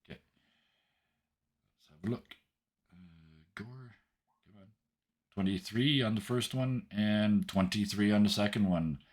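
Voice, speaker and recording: Deep-voiced man running a tabletop game. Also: steady tone, unhurried, long pauses. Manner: rambling with frequent fillers and "right?". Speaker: game master.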